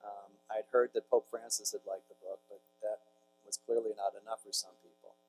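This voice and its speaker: A man's voice: fairly low pitch, flat delivery, brisk, darkish tone, a little hiss or hum, rough recording. A man, a priest speaking to a large audience in a conversational storytelling talk with jokey asides to the crowd. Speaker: priest giving a conference talk.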